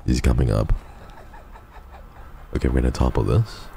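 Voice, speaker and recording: A man with an extremely deep, gravelly voice streams a game live. His tone is dark and mellow, and he talks casually to chat, swearing freely and cracking jokes. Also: moderate pace, soft background music.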